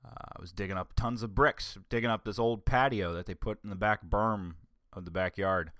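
Young adult male vlogger, deep voice, dry close mic, loose offhand rambling delivery. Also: pushed and bright, no room sound. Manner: rambling, restarts a lot, offhand. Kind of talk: casual rambling chat.

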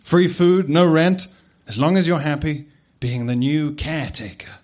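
A man's voice: a little high, a little slow, darkish tone, close to an everyday voice. A man doing a crude, laid-back old headmaster wizard. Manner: laid-back, swearing, chuckling.

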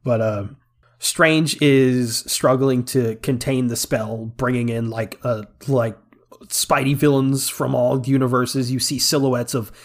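A man co-hosting a casual podcast speaks at medium pitch with fairly even intonation and an unhurried pace. He recaps a film scene by scene in a relaxed movie review chat, full of fillers and laughter.

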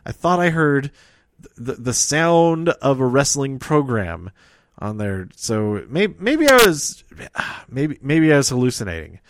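A man's voice: mid-range voice, big pitch swings, slow, no room sound. A man casually recapping a wrestling show, rambling and correcting himself as he goes. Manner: rambling, self-correcting, chuckles at own slips.

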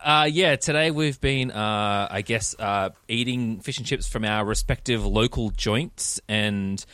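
Low-voiced Australian man, rambling podcast host. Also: unhurried, pushed and bright, no echo. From New South Wales, Australia. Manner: rambling, self-deprecating, full of fillers. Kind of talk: casual podcast chat.

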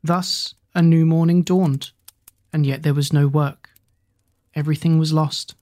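A storyteller reading a folk tale in an even, measured way, now and then asking the listener questions, in a dry, close recording. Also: medium pitch, no room sound. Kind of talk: scripted story narration.

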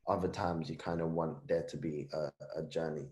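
A deep-voiced man speaks reflectively as an interview guest, circling back and restarting phrases as he thinks aloud. His low voice carries a roomy echo. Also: steady tone, moderate pace, a little mellow. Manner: thoughtful, restarts phrases, uses British slang.

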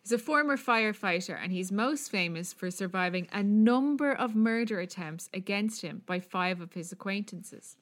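An Irish woman spins a true story for her podcast co-host. She chats loosely, full of fillers and swearing, at a steady middle pitch. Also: normal speed, few pauses. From Ireland. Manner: chatty, profane, many fillers. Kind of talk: casual storytelling chat.

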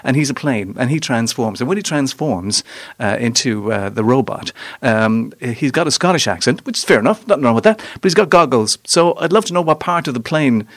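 Male film reviewer, rambling radio chat, dry studio sound, mid-pitched voice. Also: animated, fairly quick, dry recording. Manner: chatty, rambling, keeps asking "you know what I mean".

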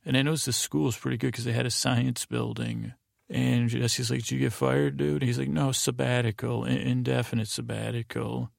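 Gravelly monotone man recapping. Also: medium pitch, normal speed, no echo, studio quality. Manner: meandering, monotone, full of fillers and restarts. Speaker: podcast host. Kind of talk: rambling episode recap.

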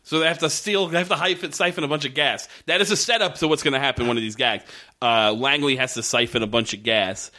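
A man's voice: mid-range voice, fast talker, pushed and bright. A man casually recapping a TV show on a podcast, swearing often and rambling through restarts and fillers. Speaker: podcast co-host.

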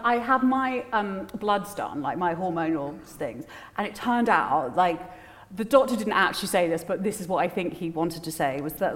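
A woman's voice: on the low side, slight background noise. A woman, a guest author talking candidly on stage at a live festival event, rambling and self-deprecating with many fillers. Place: large venue with a live audience. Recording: long hall reverb at a live event.

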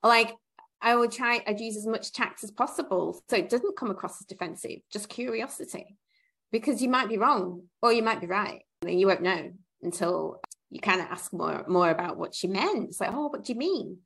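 Gravelly-voiced woman podcast host. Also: medium pitch, normal speed, a bit bright. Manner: reflective, reasons aloud with self-corrections. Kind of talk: casual podcast discussion.

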